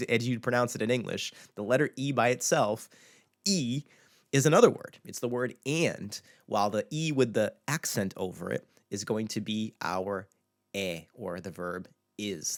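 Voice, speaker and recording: Portuguese guy w/ european portuguese accent, lowish voice, slow and careful, says words over and over. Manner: slow, repeats words to model sounds. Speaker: language teacher. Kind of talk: pronunciation lesson.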